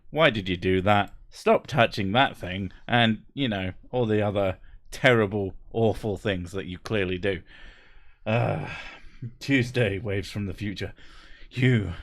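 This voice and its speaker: A man's voice: lowish voice, fairly bright tone. A man in his thirties hosting a casual livestream from home, joking, swearing and laughing often as he reads out chat messages. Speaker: livestream host.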